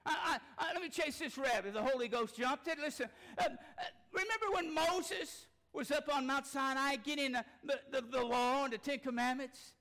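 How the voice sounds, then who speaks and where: A man preaching a sermon, folksy and impassioned, rising to shouts. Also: extremely high pitch, normal speed, few pauses. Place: church sanctuary.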